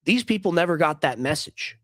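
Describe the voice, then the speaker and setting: A man's voice: on the high side, animated, fairly quick, a bit bright, no echo. Emphatic man, dry close sound. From United States. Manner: emphatic, argumentative, repeats himself. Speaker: streamer host. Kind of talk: casual commentary on a clip.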